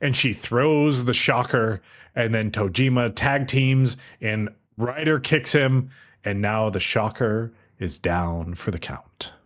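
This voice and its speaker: A man's voice: medium pitch, slow pace, fairly bright tone. A young man co-hosting a casual podcast who recaps an anime episode at length and briefly acts out the characters' lines. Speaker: podcast co-host.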